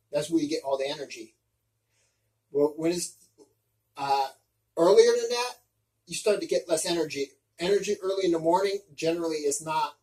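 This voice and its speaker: A man's voice: on the high side, darkish tone, distant mic, rough recording. A man giving casual step-by-step practical tips, often restarting his sentences as he explains. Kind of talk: casual instructional talk.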